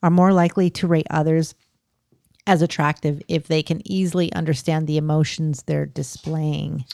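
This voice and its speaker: A woman podcast co-host with a low, sultry voice, chatting casually, giggling and reading list items aloud. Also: flat delivery, normal speed, gravelly, darkish tone, no echo, clean studio sound. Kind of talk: casual chat.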